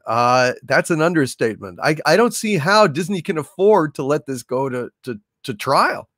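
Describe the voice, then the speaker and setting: A man's voice: medium pitch, lively intonation, normal speed, fairly bright tone, dry recording, studio quality. A man hosting a livestream and reading out donations in a theatrical, hesitant way, full of fillers and restarts. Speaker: livestream host.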